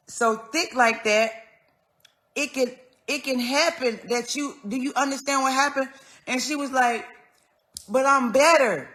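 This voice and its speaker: A woman telling a personal story in an earnest, conversational way, going soft and then raised as she relives moments. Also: on the high side. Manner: earnest, conversational, swings between quiet and raised when retelling. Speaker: vlogger.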